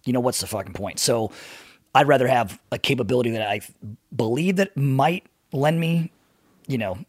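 A man's voice: mid-range voice, expressive, moderate pace, no echo, clean studio sound. A man telling war stories in casual podcast chat, swearing freely, laughing and acting out the voices of people he quotes. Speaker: former Navy SEAL guest storyteller.

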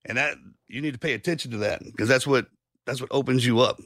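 A man's voice: mid-range voice, fast talker, a bit bright, no echo, clean studio sound. A man hosting a podcast in casual chat, folksy and rambling through homespun analogies, swearing along the way. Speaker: podcast host.

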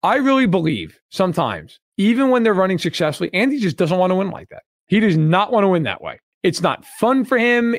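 Blunt, high-pitched man ranting. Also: no room sound, studio quality. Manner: blunt, emphatic and profane, repeating points. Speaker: podcast co-host. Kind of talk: casual sports podcast discussion.

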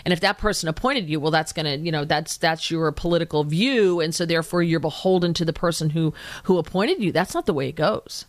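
A woman guest-hosting a talk radio show, giving animated, indignant commentary in fast bursts. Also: low-pitched, no room sound.

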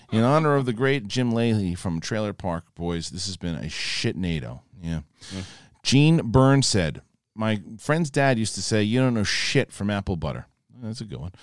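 A man's voice: on the low side, no echo, clean studio sound. A man hosting a casual live stream, reading out viewer messages and laughing often with his co-host. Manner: laid-back, reads donor messages aloud, laughs often.

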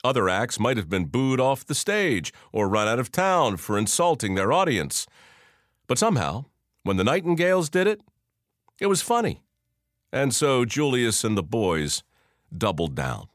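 Lively man telling a folksy story. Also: mid-range voice, normal speed, no echo, studio quality. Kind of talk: scripted narration.

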